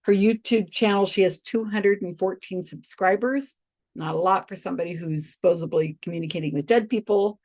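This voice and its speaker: A woman hosting a reaction channel, casually and skeptically commenting on a video she has paused. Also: medium pitch, darkish tone.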